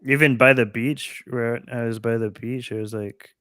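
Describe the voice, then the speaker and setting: A man co-hosting a casual basketball chat, laid-back and quick to laugh, breaking down plays like an analyst. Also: mid-range voice, fairly even intonation, fairly bright tone, no room sound, studio quality. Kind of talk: casual live game chat.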